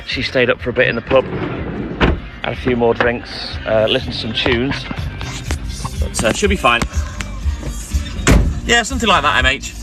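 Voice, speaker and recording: A man's voice: medium pitch, animated, a little slow, pauses often, over loud music. Chatty milkman reading out viewer comments. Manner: chatty and friendly, gives viewers shout-outs by name. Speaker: milkman live-streaming his round. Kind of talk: casual live-stream chat reading out comments. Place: out on a milk round, in and out of a van.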